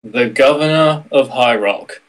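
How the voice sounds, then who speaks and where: Male player, medium pitch, playful, tabletop game. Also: rough recording. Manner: playful, quick, describes own actions. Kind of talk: casual tabletop play.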